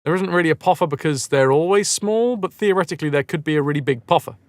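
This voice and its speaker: A man's voice: a little high, lively intonation, quick pace, dry recording, clean studio sound. A man live-streaming a game, chatting casually with viewers in a rambling, self-mocking way and swearing freely.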